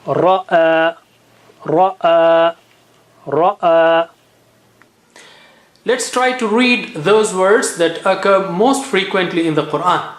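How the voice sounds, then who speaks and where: A man's voice: high voice, measured pace, few pauses, fairly bright tone. A man teaching Quran recitation in a classroom lesson, patiently repeating letter sounds and words for students to copy.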